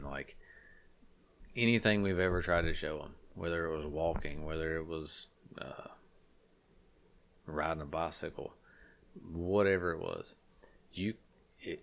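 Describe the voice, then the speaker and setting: Deep-voiced man in casual frank chat. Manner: rambling, animated storytelling with acted-out quotes; salty, frank talk.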